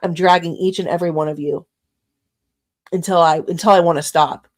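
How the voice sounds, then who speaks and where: A woman's voice: lowish voice, steady tone, a little fast. Heated woman ranting on a livestream. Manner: heated, profane, ranting at chat. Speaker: livestream host. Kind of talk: angry livestream rant.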